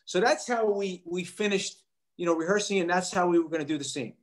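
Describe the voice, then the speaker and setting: Animated man telling a story. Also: high voice, fairly quick. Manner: animated, acts out quoted voices. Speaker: actor guest. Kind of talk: casual interview storytelling.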